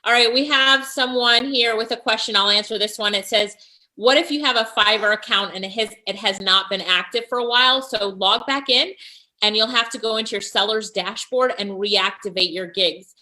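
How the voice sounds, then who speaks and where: A woman's voice: fairly high pitch, normal speed, bright, forceful tone, poor audio. A woman hosting a live stream, coaching freelancers and reading out viewer comments in an upbeat, encouraging way.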